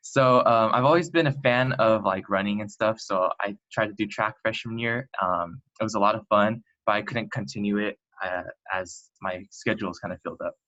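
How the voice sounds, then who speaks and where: A young man from California talks through his school years in a loose, rambling way, full of fillers and restarts. His voice sits on the low side yet sounds bright and forward. The sound is muffled and lo-fi, as over a video call. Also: normal speed. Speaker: student presenter. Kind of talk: casual online presentation. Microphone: computer mic on a video call.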